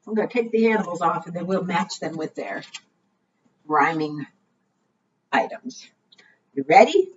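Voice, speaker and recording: A woman hosting preschool storytime, talking slowly and gently in a sing-song way for small children. Her voice rises and falls a lot. The sound comes through a little muffled. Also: on the low side, animated, husky. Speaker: children's librarian. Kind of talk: preschool storytime read-aloud.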